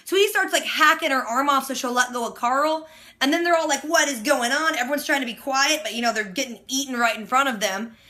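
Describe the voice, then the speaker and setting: A woman runs through a TV episode in a casual recap, her voice fairly high and bright. She tells it in an animated, slangy way. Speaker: TV reaction host.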